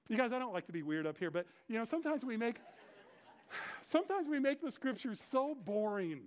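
Man preaching with animated storytelling. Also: very high voice, brisk. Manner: conversational, animated storytelling with slang asides. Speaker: pastor. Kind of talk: expository sermon.

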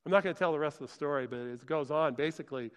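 Man, sermon, animated storytelling, slightly high voice, long hall reverb. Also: racing, clean tone. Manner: animated storytelling, acts out scripture voices, enthusiastic exclamations. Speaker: pastor.

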